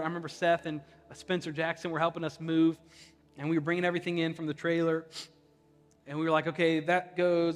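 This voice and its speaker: Man, young adult, pastor from Ohio, impassioned conversational sermon, slightly high voice, long church hall reverb. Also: fairly bright tone. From Ohio, USA. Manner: conversational, impassioned preaching with humorous personal stories. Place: church sanctuary.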